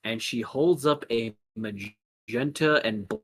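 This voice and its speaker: A man narrating a tabletop role-playing game as game master, casual and animated, with many fillers. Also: mid-range voice, measured pace, breathy edge.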